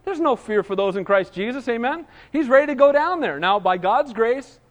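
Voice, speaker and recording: Animated high-voiced preacher, churchy echo. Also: male voice, normal speed. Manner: animated, acts out quoted voices, asks congregation for agreement. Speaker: pastor. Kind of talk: expository sermon.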